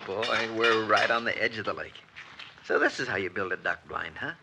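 An actor playing a mild, polite novice hunter in 1940s radio acting, hesitant and eager. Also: male voice, on the low side, normal speed, very noisy, natural voice. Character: meek, eager novice hunter, a married neighbor.

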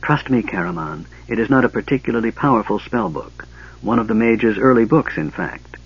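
A man voicing a frail, sickly young male mage who speaks in a hushed, hissing whisper. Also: medium pitch, lively intonation, a little fast, breathy edge, voice pushed up. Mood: secretive. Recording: dull lo-fi cassette audiobook.

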